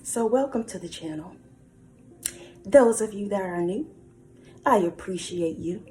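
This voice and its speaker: An emphatic woman preaching encouragement to her online viewers, her voice sitting at an ordinary middle pitch for a woman. She leans on repetition, addressing the listener as if speaking straight into their life, and swings between loud, rising declarations and quiet, hushed asides. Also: lively intonation, a little slow, soft background music. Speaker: spiritual channel host. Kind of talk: motivational preaching to camera.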